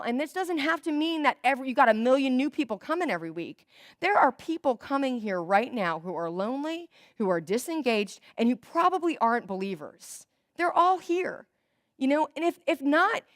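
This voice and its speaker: Young woman guest speaker, animated storyteller, somewhat high voice, close dry sound. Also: no echo. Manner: chatty and animated, acts out quoted dialogue. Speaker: guest speaker at a church volunteer event. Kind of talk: storytelling talk to volunteers. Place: church hall.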